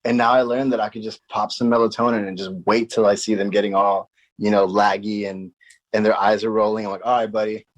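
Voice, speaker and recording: A man's voice: on the low side, a little fast, rough recording. A man hosting a podcast, chatting casually and laughing as he tells stories about his young kids. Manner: laughing, relaxed storyteller. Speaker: podcast host. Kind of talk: casual chat.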